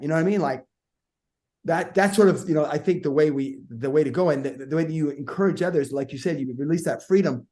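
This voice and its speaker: A middle-aged man, a guest speaker, telling energetic stories in a podcast conversation and acting out the voices in them. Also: a little high, fast. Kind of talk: animated storytelling in a podcast conversation.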